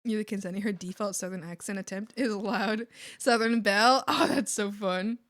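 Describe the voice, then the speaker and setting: Bright, bubbly Canadian woman streamer. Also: mid-range voice, fairly even intonation, a little fast, dry recording, clean studio sound. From Maritimes, Canada. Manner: bubbly, giggly, rambling. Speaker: art streamer. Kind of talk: casual live-stream chat.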